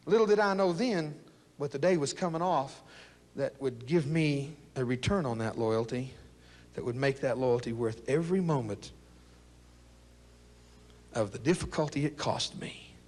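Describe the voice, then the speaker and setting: A man's voice: medium pitch, moderate pace, long pauses, a little mellow. An older man, giving a folksy, joking motivational speech to young people about loyalty and his war years. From South Texas. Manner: folksy, jokey, fired-up preaching. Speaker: speaker telling his war story. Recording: long echo of a big hall.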